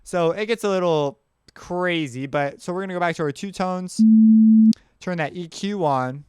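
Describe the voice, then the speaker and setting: In a relaxed screen-share lesson on sound basics, a male music production teacher talks through his thinking as he goes. He speaks at normal speed in a smooth, high-sitting voice, with no room sound in the recording.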